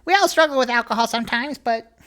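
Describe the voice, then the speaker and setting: A shrill soothing companion. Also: male voice, quick pace, sharp tone, clean tone. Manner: coaxing, soothing.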